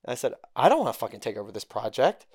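A young man spins a story in loose, profane casual talk. He keeps jumping into quoted dialogue with lively swings of pitch. The sound is close and dry, with no room around it. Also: rapid-fire, no room sound. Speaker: podcast guest.

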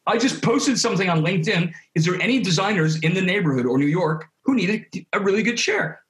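A man guesting on an interview, talking in an animated, casual way with quick restarts and repeated words. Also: sits high. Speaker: interview guest, creative studio head. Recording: roomy echo.

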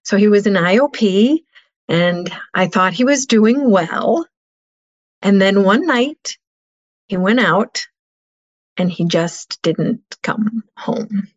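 A middle-aged woman recounts her story with heartfelt earnestness, taking her time over every phrase. Her voice sits at an ordinary pitch. The recording is somewhat dull and lo-fi. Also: lively intonation, slow pace. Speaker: guest. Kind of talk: personal storytelling interview.

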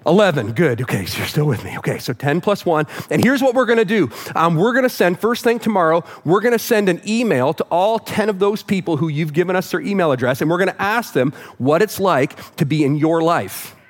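A man preaching a sermon to a church congregation, conversational and joking with the crowd. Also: fairly high pitch. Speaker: pastor. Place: church auditorium with live audience.

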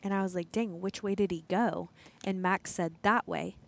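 A woman's voice: medium pitch, fairly even intonation, normal speed, vocal fry. A young woman co-hosting a casual podcast, with dry, teasing replies. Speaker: podcast co-host. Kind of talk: casual chat.

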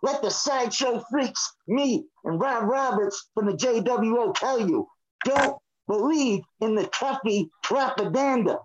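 A man's voice: very high voice, animated, a little slow, dull audio, background noise. A man co-hosting a podcast, ranting angrily and swearing hard. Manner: angry, swearing, fired up. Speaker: podcast co-host. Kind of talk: profane ranting chat.

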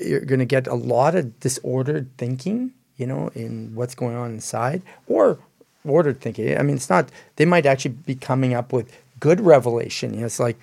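Gravelly rambling man co-host. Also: mid-range voice, a little mellow. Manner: rambling, explanatory, many fillers. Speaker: podcast co-host. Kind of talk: casual ministry discussion.

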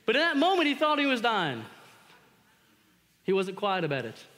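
Animated male pastor in a reverberant hall. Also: high voice, normal speed. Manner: animated storytelling with shouted re-enactments. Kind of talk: sermon.

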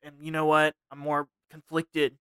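A man's voice: on the high side, completely flat delivery, normal speed, fairly bright tone, clear, resonant tone, dry recording, clean studio sound, natural voice. A man voicing a troubled male alien junk dealer in an odd, British-sounding put-on accent, as a comedy podcast bit. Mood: brooding.

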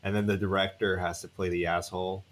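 A man's voice: low-pitched, level tone, fast. A man co-hosting a podcast, adding short remarks in casual chat about a film. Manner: brief agreeing interjections. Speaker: podcast co-host.

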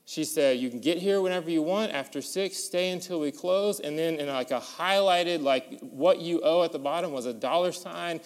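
A man preaches from the pulpit, his fairly high voice smooth and resonant. He tells stories with animated energy, climbing to excited peaks. A long reverb trails his words through the sanctuary. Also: moderate pace, hardly any pauses. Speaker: pastor. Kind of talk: sermon with storytelling.

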